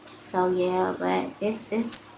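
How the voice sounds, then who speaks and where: A woman's voice: lowish voice, level tone, slow pace, vocal fry, roomy sound, noisy background. A woman giving an earnest spiritual card reading to her viewers, talking straight to them and calling them y'all. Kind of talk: live-stream card reading and talk.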